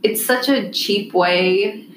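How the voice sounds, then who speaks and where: A woman's voice: mid-range voice, slow pace, a little hiss or hum. A young woman co-hosting a podcast, giving blunt opinions in a casual recap chat. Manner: opinionated, chatty. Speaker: podcast co-host. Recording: roomy echo.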